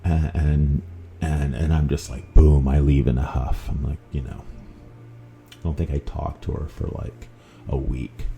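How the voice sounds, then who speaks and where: A man with a strikingly deep, gravelly voice tells a personal story in a loose, rambling way, full of fillers and restarts. His tone is very dark and low, with faint music under the talk. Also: level tone, measured pace. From Vancouver. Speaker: podcast host.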